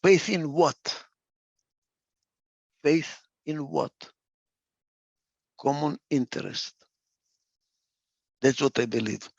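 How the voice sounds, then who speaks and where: A man's voice: on the high side, drawn-out words, gravelly, long pauses, no echo, highs cut off. A man giving a reflective talk. He stresses points by repeating phrases, and sometimes stalls over a word and starts again. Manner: gets lost for a word and restarts. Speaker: speaker.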